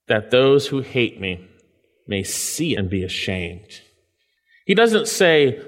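A male pastor gives an earnest expository sermon. He reads scripture aloud and explains it, often lifting his voice for emphasis and then sinking back down. His mid-pitched voice carries a long reverb, as if heard in a large church sanctuary. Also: expressive, slow, fairly bright tone. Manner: earnest, swells up for emphasis then drops low.

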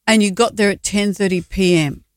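A woman's voice: mid-range voice, steady tone, fairly quick, dry recording. Dry, teasing woman co-host. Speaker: radio co-host. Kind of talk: casual radio banter.

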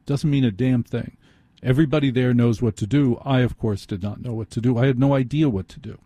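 A man's voice: medium pitch, a little fast, mellow, dry recording. A man hosting a late-night call-in radio show, telling a self-deprecating story into a studio microphone.

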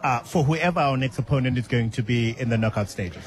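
Radio host, mid-pitched man. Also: fairly quick. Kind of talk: radio talk show hosting. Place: radio studio.

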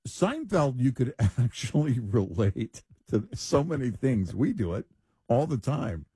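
Man, chat show co-host, dark mellow tone, husky, wry, lively pitch. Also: a little slow, no echo, clean studio sound. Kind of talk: casual political chat.

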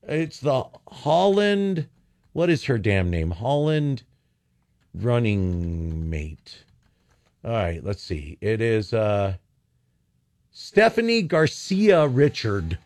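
A man's voice: medium pitch, big pitch swings, slow, a little mellow, dry recording, studio quality. An older man, a talk radio host, ranting sarcastically and rambling with frequent restarts.

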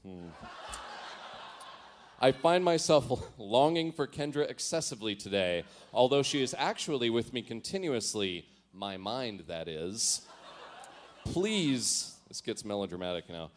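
Here a man with a mid-range voice and lively intonation reads from his teenage diary at a moderate pace. It's a comic performance: dramatic, mock-earnest delivery of each entry, with self-mocking laughter running through lines and sheepish remarks in between.

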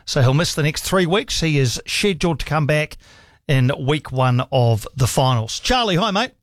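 A man's voice: normal speed, no echo, studio quality. A man hosting sports talkback radio, enthusiastic and encouraging with callers. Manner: enthusiastic, warmly encouraging callers, rising pitch when excited. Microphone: studio mic.

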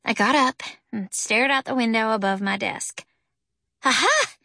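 A woman narrating a first-person children's story in an expressive, lively way. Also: fairly high pitch, moderate pace, vocal fry, no room sound, studio quality. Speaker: audiobook narrator.

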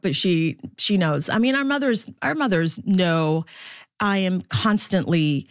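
A middle-aged woman who works as a baseball broadcaster, speaking as an interview guest in a lively, laughing, storytelling way. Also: lowish voice, takes it slowly, no room sound, studio quality. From Philippines.

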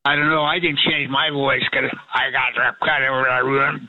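A man in his eighties, calling a radio show by phone and talking in a warm, effusive, rambling way. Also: medium pitch, little pitch movement, moderate pace, muffled recording. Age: 80s. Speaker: caller.

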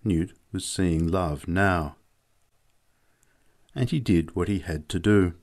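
A man narrating a novel in a measured, expressive audiobook reading. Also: sits low.

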